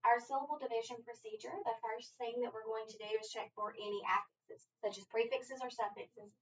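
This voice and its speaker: A woman teaching a phonics lesson, explaining each step in a deliberate, methodical way. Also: a little high, fairly even intonation, fairly bright tone. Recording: distant lo-fi mic with faint room ambience.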